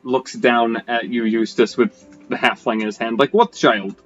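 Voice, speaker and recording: A man narrating a tabletop game as game master, animated and often laughing. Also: medium pitch, normal speed, lo-fi sound, soft background music.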